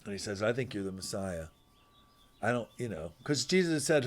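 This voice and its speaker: A man's voice: lowish voice, expressive, brisk. A man preaching a casual, conversational sermon, musing aloud and acting out the voices of the figures he quotes. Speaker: pastor.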